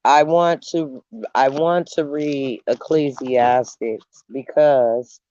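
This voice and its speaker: A man hosting a casual livestream, talking slowly with long pauses and eating as he speaks. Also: mid-range voice, steady tone, dark tone, dry recording, muffled recording. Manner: unhurried, pausing, eating while talking. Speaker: channel host. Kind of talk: slow casual livestream chat.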